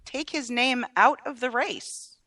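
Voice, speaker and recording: A woman's voice: a little high, slow, bright, forceful tone, no echo. A woman co-hosting a political talk show, recapping news in a chatty, hedging way. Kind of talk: political chat.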